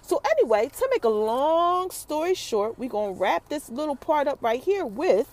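A woman with a high voice talks through a TV episode as its recap host. Her pitch leaps up and down as she tells it. She keeps it loose and chatty and turns often to her listeners. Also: normal speed, hardly any pauses. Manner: animated storytelling, acts out characters' quotes, addresses listeners as y'all.

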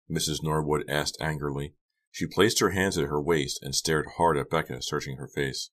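A man narrating an audiobook in a steady, dramatic reading. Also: very deep voice, normal speed.

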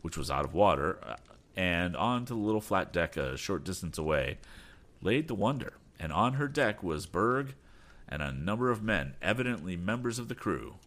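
A man hosting a storytelling podcast, reading an adventure book aloud with expressive narration. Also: low voice, moderate pace. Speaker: podcast host and audiobook reader. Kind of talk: audiobook narration.

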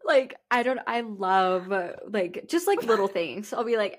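Animated young woman co-hosting, swearing. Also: medium pitch, unhurried. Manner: animated, swears a lot, acts out quotes loudly. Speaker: podcast co-host. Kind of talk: casual chat.

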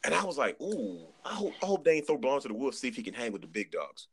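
A man chatting on a podcast, telling an animated story, acting out quotes and repeating words as he goes. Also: medium pitch, very fast, vocal fry, breathy edge. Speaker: podcast guest. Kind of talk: casual chat.

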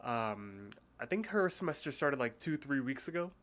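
A man's voice: mid-range voice, very animated, normal speed, a bit bright. A man co-hosting a podcast in casual chat, with a stuffy, blocked nose and a rambling way of talking. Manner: rambling, lots of fillers and restarts. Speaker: podcast co-host.

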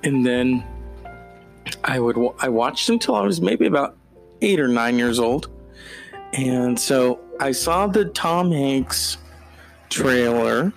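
A man hosting a solo podcast, unhurried in pace but animated and prone to digressions. He breaks into mock-dramatic outbursts now and then, with faint music in the background. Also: mid-range voice, gravelly. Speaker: podcast host. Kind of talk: casual solo podcast monologue.

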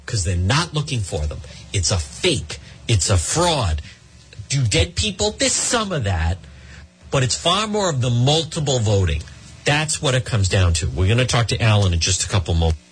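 A man's voice: mid-range voice, moderate pace, a little hiss or hum. A middle-aged man hosting a talk radio show, ranting sarcastically and rambling through live ad reads into a studio mic. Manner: animated, sarcastic, rambling, mock-exasperated.

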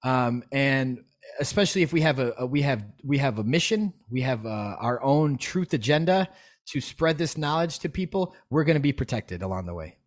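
A man talking as a podcast guest, animated and emphatic, swearing freely as he makes his points. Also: mid-range voice, normal speed. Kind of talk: casual podcast conversation.

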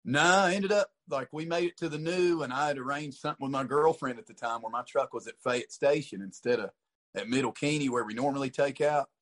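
A man's voice: medium pitch, a little fast, a bit bright. A man as a guest in a casual chat, easygoing, swearing and calling people dude and buddy.

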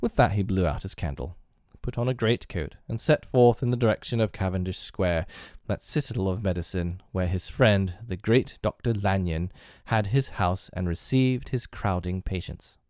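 A man narrating a classic novel as an audiobook in a measured, deliberate reading. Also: sits low, darkish tone, no room sound, clean studio sound.

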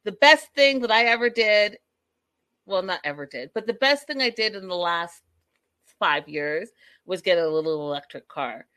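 A woman's voice: medium pitch, lively intonation, normal speed, bright, forceful tone, no room sound. A woman chatting through a reality show recap, gossiping and speaking straight to her viewers. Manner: gossipy, addresses viewers directly.

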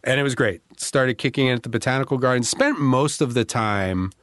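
A man's voice: mid-range voice, a little fast, a bit bright, no echo, studio quality. A middle-aged man on a podcast, chatting loosely with lots of restarts and fillers. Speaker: podcast co-host. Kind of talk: casual chat.

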